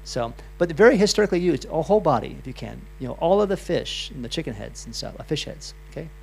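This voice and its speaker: A man's voice: on the high side, lively intonation, fast, vocal fry, darkish tone, slight background noise. A middle-aged man giving a loose, chatty health talk to a live audience, full of restarts and asides. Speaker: health speaker.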